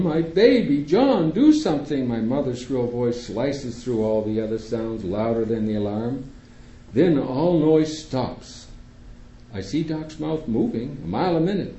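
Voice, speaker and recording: A man reading a first-person story aloud to an audience in a theater, steady and measured. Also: medium pitch, a little hiss or hum. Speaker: reader at a public reading. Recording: echoey room, dull lo-fi sound.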